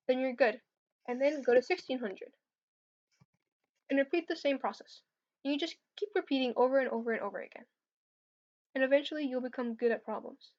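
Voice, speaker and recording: A woman's voice: sits high, darkish tone. Hesitant young woman streaming coding tips. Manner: hesitant, filler-heavy, answers chat questions. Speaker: competitive programming streamer. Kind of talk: casual livestream Q&A. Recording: slightly dull lo-fi stream audio.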